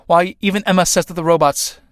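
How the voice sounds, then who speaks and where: Earnest young woman pleading soft and slow, guy reading her in a play reading, kinda high voice, dry sound. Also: fairly even intonation, dry recording.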